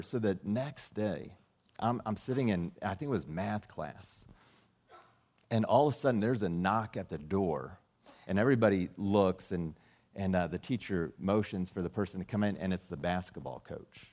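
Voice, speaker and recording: A middle-aged man preaching a sermon, telling a personal story and acting out the dialogue in it. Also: a little mellow. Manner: storytelling, acts out dialogue with rising and dropping pitch. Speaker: pastor.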